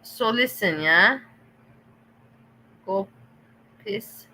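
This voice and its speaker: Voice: medium pitch, lively intonation, very slow, sharp tone, slight background noise, poor audio. A stream host chatting casually and reacting to clips, exasperated and mocking.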